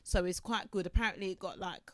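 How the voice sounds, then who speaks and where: A woman's voice: medium pitch, quick pace, no echo. Chatty woman co-host, dry close sound. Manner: animated storyteller who acts out quotes. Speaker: podcast co-host. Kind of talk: casual chat, retelling gossip.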